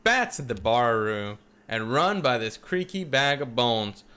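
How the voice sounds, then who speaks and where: A man's voice: mid-range voice, sing-song, a little slow, bright, forceful tone, clean tone. A man voicing a chatty android woman singer with showy stage banter, reading a game aloud. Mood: storytelling.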